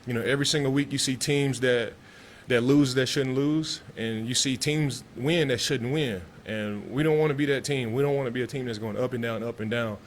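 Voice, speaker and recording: A man's voice: medium pitch, steady tone, brisk, few pauses, a little hiss or hum. A man from Texas, a pro football player answering press questions in a loose, laid-back way with many restarts.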